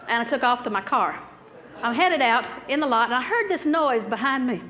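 High-voiced woman preacher in a hall. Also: animated, brisk, pushed and bright, muffled recording. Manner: anecdotal, repetitive, rising into fervent prayer. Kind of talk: healing sermon with storytelling. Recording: hall reverb with faint music.

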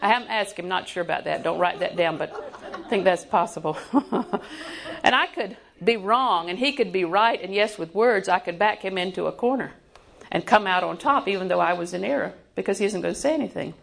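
A woman in her sixties preaching a sermon in a folksy, joking way, sometimes dropping to a hushed voice for emphasis. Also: medium pitch, brisk, vocal fry.

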